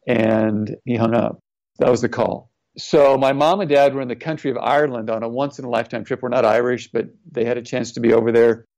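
A man's voice: medium pitch, steady tone, a little fast, darkish tone. A middle-aged man, a former pro athlete, earnestly telling a personal story in an interview. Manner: earnest, reflective, retelling quotes. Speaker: guest, former NFL player. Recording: slightly dull, lo-fi audio.

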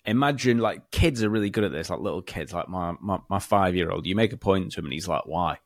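A man co-hosting a podcast, explaining points in a measured, casual way. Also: low voice, no room sound, clean studio sound. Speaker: podcast co-host. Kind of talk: casual sales podcast chat.

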